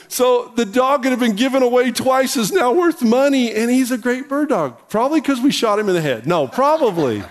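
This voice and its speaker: A middle-aged man, a pastor, preaching a sermon and telling a hunting story in a folksy, animated way that rises in pitch and volume when he gets excited. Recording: reverberant hall.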